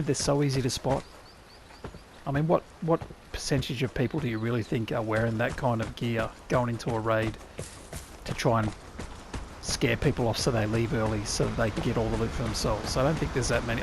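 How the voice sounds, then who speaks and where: A man with an Australian accent giving wry, chatty commentary to himself as he plays a survival game. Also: medium pitch. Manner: chatty, wry, talks to himself while playing. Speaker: gaming YouTuber. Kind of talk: casual gameplay commentary. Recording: clear background game noise.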